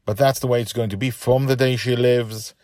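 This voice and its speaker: A man's voice: medium pitch, fairly even intonation, a little fast, darkish tone, no echo, clean studio sound. A man who writes and reads his own storybook podcast, talking with eager, rambling enthusiasm. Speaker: podcast author and reader. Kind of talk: storybook narration.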